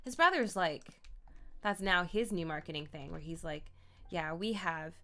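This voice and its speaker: A woman streamer makes up a story on the fly while gaming, rambling playfully, laughing, and tossing asides to herself. Her voice is fairly low and sharp-toned, with lively intonation and a moderate pace.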